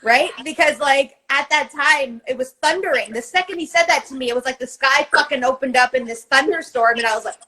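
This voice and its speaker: A woman's voice: high voice, fairly quick, few pauses, bright, forceful tone, rough recording. A woman co-hosting a podcast in casual chat, telling a long personal story in a rambling, emphatic way and swearing often. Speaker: co-host.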